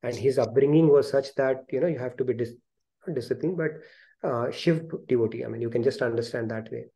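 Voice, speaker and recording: A man with an Indian English accent tells a story to a group on a video call. His voice is mellow and warm, and he acts out the quoted lines with animation. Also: medium pitch, fairly quick, vocal fry. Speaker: host of an online spiritual study session.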